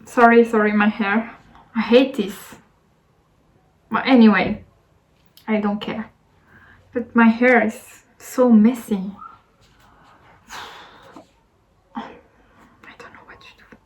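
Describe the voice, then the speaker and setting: A woman's voice: on the high side, fairly even intonation, takes it slowly, pauses often, poor audio. A young woman with a French accent, telling a rambling story to her camera in a casual vlog, with lots of fillers and restarts. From France. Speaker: vlogger.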